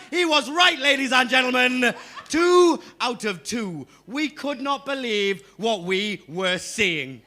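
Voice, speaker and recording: High, bright-voiced comedian. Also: male voice, lively intonation, a little slow. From Newcastle upon Tyne, England. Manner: rowdy, swearing, crowd-teasing storyteller. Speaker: stand-up comedian. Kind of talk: stand-up comedy set. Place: comedy club stage.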